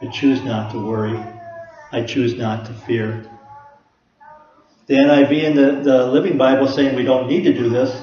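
A man preaching a sermon to a congregation, earnest and steady, asking rhetorical questions. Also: mid-range voice, normal speed, pauses often, a little hiss or hum. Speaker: pastor. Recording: echoey room, slightly dull sound.

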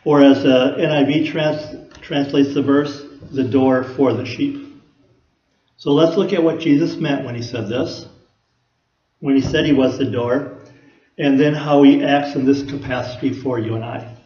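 A man's voice: medium pitch, fairly even intonation, unhurried. A man preaching a sermon in a folksy, conversational way, often asking the listeners rhetorical questions. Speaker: pastor. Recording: echoey room, dull lo-fi sound.

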